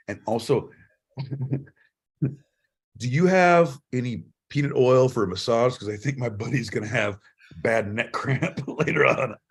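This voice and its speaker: A man's voice: medium pitch, slightly rough. A man co-hosting a podcast, swearing a lot and teasing his partner in casual comedic banter. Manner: profane, teasing, animated. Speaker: podcast co-host.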